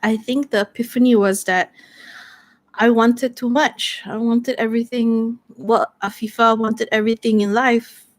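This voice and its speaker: A woman's voice: on the high side, steady tone, unhurried. A woman playing through a solo tabletop story game, thinking aloud hesitantly as she reads tarot cards.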